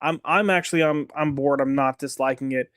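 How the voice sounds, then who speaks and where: A man co-hosting a casual comics podcast. His voice sits a little high and he rambles easily, with fillers and restarts. The sound is dry and close. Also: steady tone, fairly quick, fairly bright tone, dry recording. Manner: easygoing, filler-heavy, restarts a lot. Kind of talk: casual chat.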